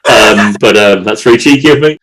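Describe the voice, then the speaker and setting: Male podcast co-host, low voice, emotional and rambling, lots of restarts and repeats. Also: fairly quick, a bit bright, poor audio. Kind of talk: casual chat.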